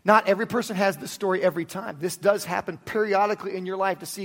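A man's voice: high-pitched, fast talker. A man preaching a sermon in an earnest manner, telling stories with energy and guiding the congregation in prayer. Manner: earnest, builds to animated storytelling, then drops to soft prayer. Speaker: pastor.

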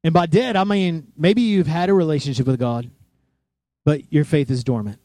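A man preaching a sermon in a church, animated, acting out voices and sounds as he tells the story. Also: on the high side, moderate pace, no room sound. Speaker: pastor.

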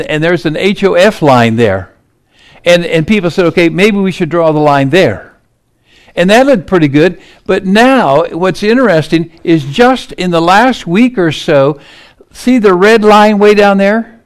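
A man's voice: high voice, expressive, a little slow. A man giving urgent political commentary over maps and headlines, emphatic and incredulous.

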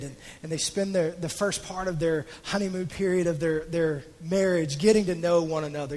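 A man's voice: high voice, big-room sound. A man preaching a sermon in a church auditorium, telling a story conversationally and often repeating words as he goes.

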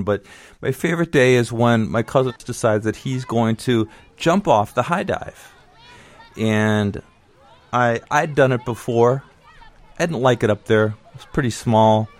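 A middle-aged man telling a childhood story in a conversational, wry, nostalgic way. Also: mid-range voice. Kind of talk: personal storytelling.

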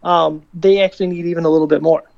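A man as a podcast guest explaining his product, pitching it with lots of figures. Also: steady tone, fast, creaky, a little mellow, no room sound. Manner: pitching, explanatory and fact-heavy. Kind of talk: interview answers. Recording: dull, dry lo-fi audio.

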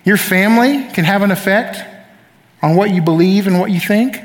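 High-voiced preacher in a reverberant hall. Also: male voice, moderate pace. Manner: emphatic, calls for audience responses. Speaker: pastor. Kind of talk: sermon. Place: church sanctuary. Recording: long reverb of a church hall.

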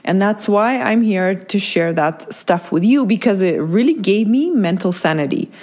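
A woman's voice: medium pitch, lively intonation, moderate pace, darkish tone. A woman hosting a podcast, speaking candidly about her feelings, often checking in with "right?" and restarting her sentences. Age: adult parent. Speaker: podcast host. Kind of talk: personal reflective monologue.

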